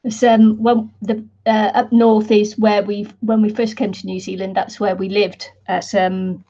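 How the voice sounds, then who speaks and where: British woman, craft vlogger, unhurried and mellow, giggly rambling chat, dull lo-fi recording. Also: medium pitch, little pitch movement. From Britain. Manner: chatty, rambling, laughs often. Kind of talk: casual chat while crafting.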